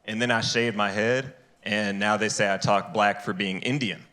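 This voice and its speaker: A man doing a stand-up set on a club stage. He is animated and jumps into high, squeaky character voices for the people in his stories, speaking into a handheld mic. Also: normal speed, noisy background. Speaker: stand-up comedian. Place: comedy club stage with a live audience.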